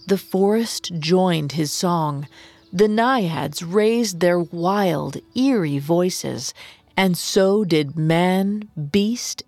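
A woman narrating a myth in measured, dramatic scripted storytelling. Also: fairly low pitch, darkish tone, dry recording.

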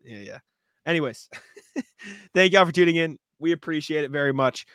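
Bright-sounding guy on a sports podcast, kinda high voice, rambling loose stories, cussing and laughing, dead dry sound. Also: moderate pace, dry recording. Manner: animated storytelling, swears freely, laughs often. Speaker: podcast co-host. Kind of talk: casual chat.

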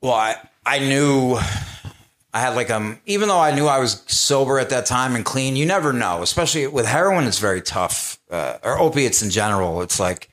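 A man's voice: mid-range voice, expressive, normal speed, a bit bright. A man speaking as a guest on a live panel, telling his own story candidly, with laughter and quoted asides.

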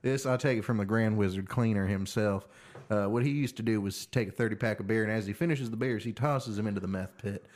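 A man's voice: on the low side, fast, a little mellow, natural voice. A man playing a folksy redneck who brags about meth-cooking tricks in a comedy podcast bit. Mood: boastful. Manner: folksy, know-it-all bragging.

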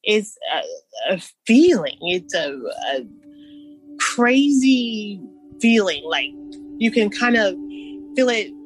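A woman telling personal stories in an interview, halting and restarting, with soft nervous laughs. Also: mid-range voice, very animated, faint music behind. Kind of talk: personal storytelling.

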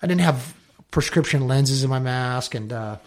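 A middle-aged man from Southern California, a podcast guest telling animated, profane stories and acting out what others said. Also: medium pitch, normal speed. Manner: animated, swears freely, acts out quotes. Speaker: podcast guest, dive company owner. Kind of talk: casual storytelling interview.

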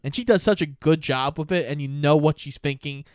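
A man's voice: a little high, brisk, clear, resonant tone, no echo, clean studio sound. A man co-hosting a casual movie recap podcast, retelling scenes and quoting characters, with some swearing. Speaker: podcast co-host.

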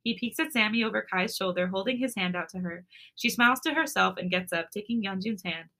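A woman co-hosting a podcast, reading fan fiction aloud with expressive narration. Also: mid-range voice, fairly quick.

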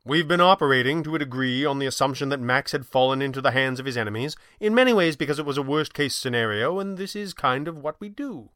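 A man's voice: mid-range voice, lively intonation, quick pace, hardly any pauses, a bit bright, no room sound, clean studio sound, pitched above the performer's own voice, close to an everyday voice. A man voicing a formal, good-humored man with old-fashioned phrasing, in a storytelling reading. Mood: calm.

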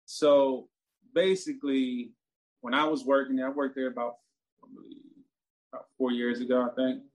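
A man's voice: medium pitch, moderate pace. A man, telling a story in casual, profane talk that turns heated. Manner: animated, profane, gets heated and loud.

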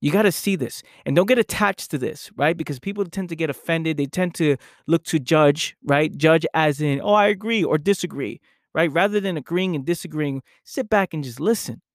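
Man, podcast host, reflective monologue, fairly high voice, dry close sound. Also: no room sound. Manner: slow, deliberate, repeats phrases for emphasis. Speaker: podcast host, personal coach.

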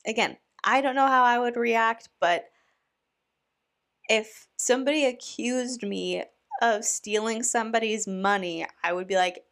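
A woman's voice: fairly high pitch, fairly even intonation, a little slow, a bit bright. Woman giving casual online commentary. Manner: conversational, opinionated, with restarts. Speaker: commentary YouTuber.

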